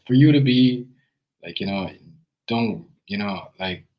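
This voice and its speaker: A man's voice: fairly low pitch, lively intonation, a little slow, highs cut off. A young Jamaican man with a Jamaican accent telling his own story in a loose, rambling way, full of fillers and restarts. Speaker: video creator. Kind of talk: casual personal storytelling.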